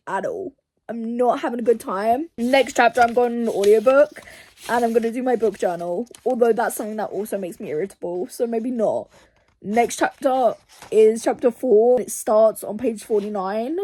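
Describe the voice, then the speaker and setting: A woman's voice: on the high side, a little mellow. Ranting young woman book vlogger. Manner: ranting, swears a lot. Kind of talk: casual reading vlog chat.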